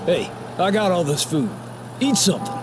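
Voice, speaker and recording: A man's voice: sits high, very animated, normal speed, background noise. A fatherly trucker. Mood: friendly. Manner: fatherly, calls the player young blood. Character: gruff protective male trucker, hot-tempered. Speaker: game character. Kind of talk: video game voice acting. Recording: game audio with music behind.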